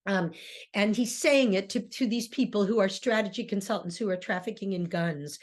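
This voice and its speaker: A woman's voice: medium pitch, normal speed. A woman lecturer and theater director giving a class on plays, talking with frequent ums and restarts. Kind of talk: lecture on drama, reading play excerpts aloud.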